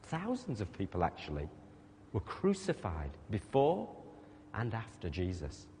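Male preacher, lively sermon delivery, big echo of a hall. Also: on the low side, a little slow, a little hiss or hum. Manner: emphatic, animated, rhetorical questions to the congregation. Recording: long reverb of a large hall.

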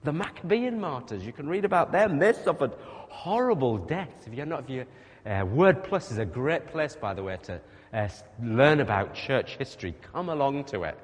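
Male preacher, lively sermon delivery, big echo of a hall. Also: mid-range voice, moderate pace. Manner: emphatic, animated, rhetorical questions to the congregation. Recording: long reverb of a large hall.

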